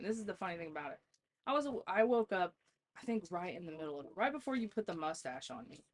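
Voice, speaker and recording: Woman with a lowish voice, podcast guest, laughs a lot, cusses casually while telling stories. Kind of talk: casual storytelling chat.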